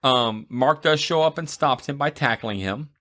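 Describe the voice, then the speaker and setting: A man's voice: medium pitch, moderate pace, a bit bright. A man co-hosting a podcast, casually retelling a film's plot with playful asides. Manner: rambling retelling with playful voices and laughs. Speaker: podcast co-host. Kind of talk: casual movie recap chat.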